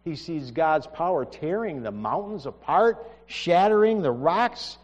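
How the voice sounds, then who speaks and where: A man's voice: fairly high pitch, expressive, a little slow. A man preaching a sermon, earnest and emphatic, often restarting his sentences. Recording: dull reverberant hall recording.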